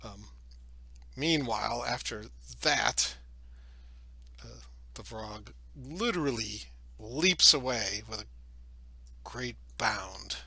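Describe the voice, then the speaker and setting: A man's voice: mid-range voice, lively intonation, slow pace, gravelly, long pauses, bright, forceful tone, husky, no echo. A man narrating as game master of a tabletop game, in a loose, chatty way with fillers.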